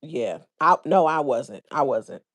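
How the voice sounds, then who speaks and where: A woman with a slightly low voice hosts a casual livestream, reading viewers' comments aloud. Her talk is loose and full of everyday slang, easygoing and chatty. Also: lively intonation, slow. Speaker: livestream host.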